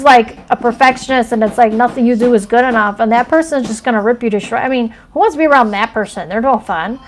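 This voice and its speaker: A woman's voice: high voice, a little hiss or hum. A woman hosting a casual astrology stream, chatting and telling rambling stories with lots of fillers. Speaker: astrology channel host.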